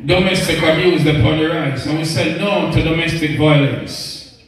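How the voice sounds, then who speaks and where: A man's voice: on the high side, normal speed, a loud crowd, very noisy. A man performing spoken word poetry on the radio, reciting in a rhythmic, rhyming, preacher-like cadence. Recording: echoey, distant from the mic.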